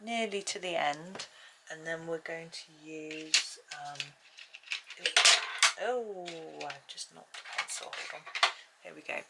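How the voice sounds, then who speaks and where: A woman's voice: deep voice, takes it slowly, gravelly, heavy background noise. A woman hosting a colouring channel at home, chatting and thinking aloud as she works through a casual tutorial.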